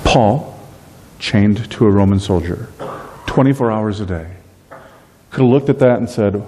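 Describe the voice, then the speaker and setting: A middle-aged man preaching a sermon as pastor, lively in delivery and slowing down to stress key phrases. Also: mid-range voice, slight background noise. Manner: dynamic preaching, slows on key phrases, acts out everyday voices.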